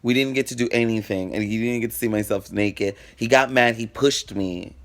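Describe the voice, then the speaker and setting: Speaking at normal speed with a medium-pitched voice, a man tells a personal story on his vlog. It's casual storytelling: frank, profane and dramatic, with him performing what people said to each other.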